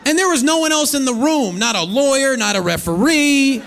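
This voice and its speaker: High-voiced man in his thirties. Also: normal speed, vocal fry, some chatter behind, a little hiss or hum. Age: 30s. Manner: animated storytelling, acting out voices. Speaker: stand-up comedian. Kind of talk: stand-up comedy set. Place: comedy stage before a live audience.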